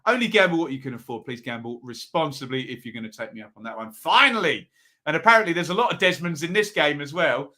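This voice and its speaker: Male host, bright-toned, casual live-chat delivery, reads comments aloud. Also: a little high, expressive. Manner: chatty, reads out viewer comments, quick asides. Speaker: football predictions show host. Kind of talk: live-stream chat with viewers.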